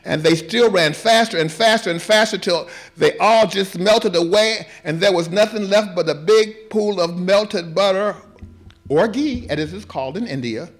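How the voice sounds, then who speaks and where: A man's voice: high-pitched, normal speed. A male performing artist reading a children's story aloud at a live gallery event and breaking off for wry, laughing asides.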